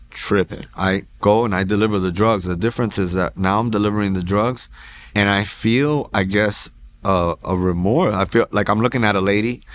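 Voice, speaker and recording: Earnest, low-voiced man telling his testimony. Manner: earnest, rambling retelling with restarts and asides. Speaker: guest sharing a testimony. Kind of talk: personal faith testimony storytelling. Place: church.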